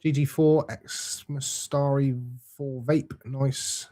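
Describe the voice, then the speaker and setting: Young man, laid-back matey live-stream host, mid-pitched, casual. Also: little pitch movement, slow pace, darkish tone. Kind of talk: casual live chat reading comments.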